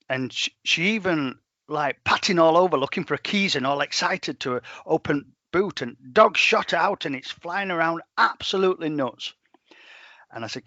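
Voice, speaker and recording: A middle-aged man, a dog trainer telling stories in a plain-spoken, animated way. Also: fairly high pitch, normal speed, dry recording, highs cut off. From England. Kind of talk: storytelling in a podcast interview.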